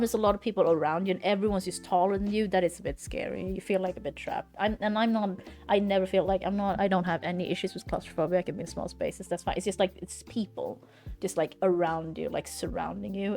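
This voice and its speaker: A woman's voice: medium pitch, quick pace, darkish tone, soft background music. A woman streaming live from home, chatting casually in a blunt, ranting way and swearing freely.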